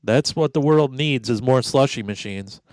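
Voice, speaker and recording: A man's voice: mid-range voice, normal speed, a little mellow, no room sound. A man co-hosting a podcast, teasing his partner with sarcastic, profane banter. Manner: sarcastic, teasing, swears freely. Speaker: podcast co-host. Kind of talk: casual banter.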